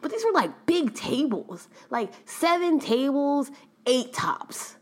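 Chatty, animated young woman host. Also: high-pitched, slow. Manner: animated, chatty, laughs often. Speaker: podcast host. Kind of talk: casual storytelling monologue.

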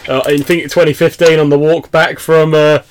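A man's voice: fairly high pitch, flat delivery, a little fast. Chatty man hosting. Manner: laughs often, chatty, trades stories. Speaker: podcast host. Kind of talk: casual podcast chat.

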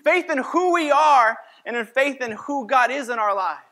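A man's voice: very high voice, lively intonation, moderate pace, pushed and bright. A man preaching as a pastor, telling a personal story in a conversational sermon and acting out his own lines.

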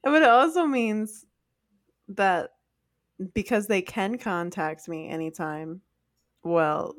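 Laid-back woman podcast cohost, mid pitch, dry close mic, no room sound. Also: takes it slowly, no echo. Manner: easygoing and talkative. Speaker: podcast co-host. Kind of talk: casual chat.

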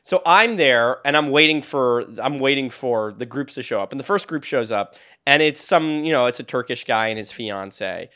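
A man's voice: medium pitch, normal speed, bright, forceful tone. A young man co-hosting a podcast, telling rambling stories in casual chat and laughing often. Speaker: podcast co-host.

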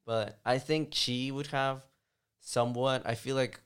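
A man talking politics in a casual, rambling chat, often halting and restarting mid-sentence. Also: mid-range voice, steady tone, a bit bright, smooth.

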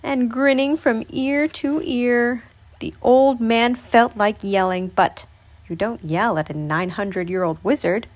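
A woman reading a children's picture book aloud, with an expressive storytelling delivery. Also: on the high side, measured pace.

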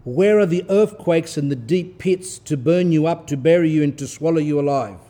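A man giving a sermon, reading a text aloud in a stern, forceful way and stopping to explain it in asides. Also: on the high side, normal speed. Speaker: Orthodox priest giving a talk.

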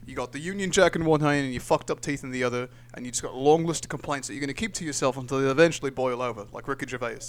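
A man's voice: mid-range voice, very fast, hardly any pauses. A man co-hosting a podcast, rambling and joking with heavy profanity in a casual comedic chat. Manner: rambling, profane, jokey, puts on voices. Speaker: podcast co-host.

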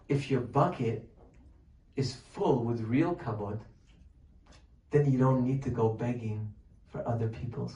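A man giving a Torah talk as a sermon, animated and full of rhetorical questions, sometimes dropping to a near-whisper to act out pleading. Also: medium pitch. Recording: distant mic, echoey room, faint noise.

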